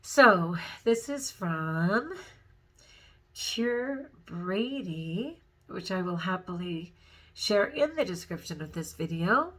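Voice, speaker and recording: A woman's voice: lowish voice, animated, slow. A woman vlogger talking casually to her viewers, rambling and giggly, overtired and close to tears. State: overtired and upset. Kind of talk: casual personal vlog.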